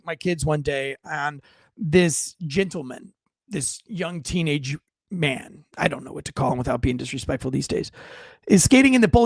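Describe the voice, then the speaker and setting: Animated forty-year-old man, dry close sound. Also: sits high, creaky, no room sound. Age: 40s. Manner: animated storyteller who acts out shouted quotes, with frequent restarts. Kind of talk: casual storytelling monologue.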